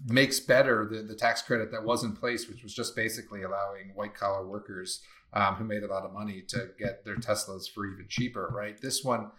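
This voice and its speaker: Blunt low-voiced man in casual talk. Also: bright, forceful tone. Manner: blunt and opinionated, swears casually; thinks aloud in long run-on sentences. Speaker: podcast co-host. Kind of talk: casual podcast discussion.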